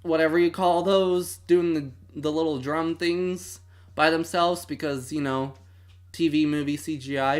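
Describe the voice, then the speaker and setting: Here a twenty-something streamer hosting a movie watch-along speaks at a moderate pace and medium pitch. They keep the chat casual, dramatic and playfully outraged.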